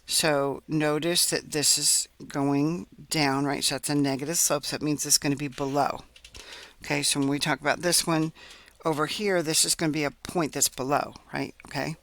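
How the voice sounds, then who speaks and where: A man's voice: on the high side, little pitch movement, moderate pace, fairly bright tone. A man teaching a recorded math lesson, explaining step by step as he works on a graph and checking in often with "right?" and "okay?".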